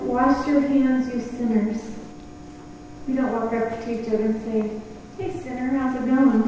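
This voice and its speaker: A woman's voice: on the high side, warm tone, slight background noise. A woman preaching a sermon to women in an earnest, conversational way, often acting out little dialogues. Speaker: women's ministry speaker. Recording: echoey hall, voice from far off.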